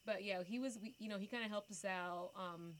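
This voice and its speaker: A young woman telling a story in a casual chat, animated and quick to shout when she acts it out. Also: mid-range voice, a little hiss or hum. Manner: animated, breaks into loud screams when acting out the story.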